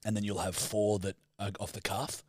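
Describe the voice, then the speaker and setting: A man's voice: on the low side, little pitch movement, normal speed, no echo, clean studio sound. A man co-hosting a comedy podcast in casual banter, teasing and blunt, swearing freely. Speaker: podcast co-host.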